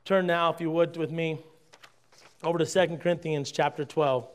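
A man delivering a sermon in a notably high voice. He engages the congregation with rhetorical questions. His volume swings from loud emphasis down to near-murmured asides. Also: fairly even intonation, moderate pace, clean tone. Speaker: pastor.

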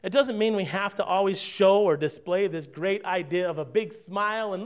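A man preaching a sermon, asking his congregation rhetorical questions and swinging between loud emphasis and quiet asides. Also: sits high, normal speed, hardly any pauses, clear, resonant tone. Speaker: pastor.

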